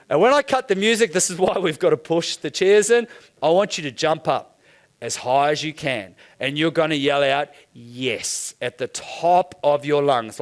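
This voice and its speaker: High-voiced lively Kiwi man hyping a crowd. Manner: casual, swearing, hypes the crowd. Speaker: keynote speaker. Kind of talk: energetic keynote talk. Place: event room with audience.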